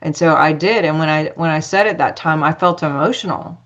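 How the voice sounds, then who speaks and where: A woman's voice: deep voice, a little fast, fairly bright tone, dull audio. A woman telling a personal story as a podcast guest, chatty, acting out dialogue with lots of fillers.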